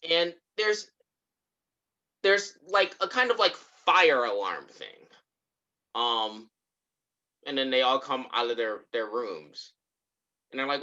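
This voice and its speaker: A man's voice: medium pitch, slow, pauses often, muffled recording. A man co-hosting a podcast, casually recapping a TV episode and acting out what the characters say. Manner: animated storytelling, acts out characters' lines. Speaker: podcast co-host.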